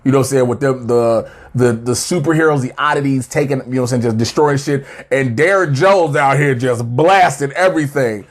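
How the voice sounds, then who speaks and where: A man co-hosting a casual TV review, recapping an episode with animated banter and squeaky voices for the characters. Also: a little fast, hardly any pauses. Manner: animated, acts out characters in high squeaky voices, laughing often. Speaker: co-host of a TV review show.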